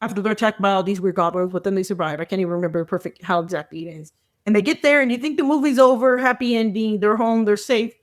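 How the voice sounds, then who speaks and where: A woman's voice: mid-range voice, quick pace. A woman co-hosting a podcast in casual chat, telling stories animatedly and acting out her own reactions. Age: adult. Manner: animated storytelling with quoted asides. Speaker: podcast co-host.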